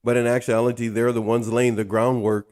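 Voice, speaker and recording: A man's voice: medium pitch, level tone, a little fast, darkish tone. A man hosting an interview, giving frequent short affirmations and reacting emphatically to his guest. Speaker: host. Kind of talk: casual interview chat.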